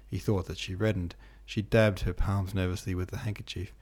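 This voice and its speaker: Low, mellow male audiobook narrator. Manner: steady, measured reading with small slips. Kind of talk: reading a classic novel aloud.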